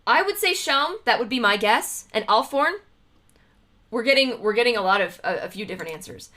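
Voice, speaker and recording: A woman's voice: a little high, animated, fairly quick, pushed and bright. A woman streamer chatting casually on a livestream, thinking aloud as she reads trivia questions, laughing often and greeting viewers.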